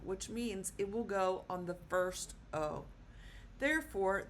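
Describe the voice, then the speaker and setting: A woman's voice: mid-range voice, creaky, fairly bright tone, slight background noise. A woman teaching a Spanish lesson at a board, patient, with many "um"s and "okay?" check-ins.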